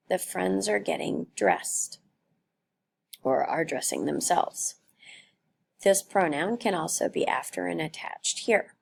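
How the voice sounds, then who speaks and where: A woman teaching a grammar lesson, explaining slowly and carefully with worked examples. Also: on the low side, expressive, vocal fry, slightly rough. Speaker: Spanish teacher.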